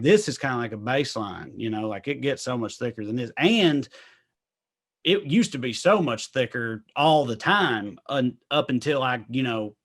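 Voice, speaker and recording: A man's voice: mid-range voice, fairly bright tone. A man in his thirties with a thick East Tennessee accent, chatting casually as a comedy guest, rambling and laughing easily. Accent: Southern US, East Tennessee. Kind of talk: casual interview chat.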